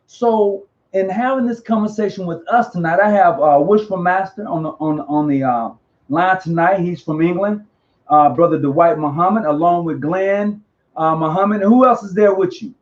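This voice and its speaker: A man hosting a casual live online interview, talking in an animated, slangy way and often repeating himself. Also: high-pitched, normal speed. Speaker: host. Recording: dull lo-fi audio.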